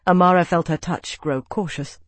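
A man narrating an audiobook in a measured, even storytelling voice. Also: high voice, no echo. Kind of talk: scripted narration.

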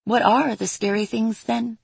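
A small, curious girl, as a woman reads her, asking one anxious question after another. Her voice sits high and breathy. The recording is dry. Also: fairly even intonation, unhurried, a little mellow, no room sound, heavily acted. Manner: eager, questioning.

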